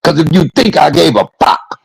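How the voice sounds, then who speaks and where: A man in his fifties rants to his viewers in a gravelly voice. His pitch swings widely and his words come out husky, heated and full of curses, and he hammers the same points again and again. The sound is close and dry. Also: animated, normal speed, no room sound, poor audio. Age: 50s. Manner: heated, cursing, repeats points for emphasis. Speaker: vlogger. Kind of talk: angry profane rant to camera.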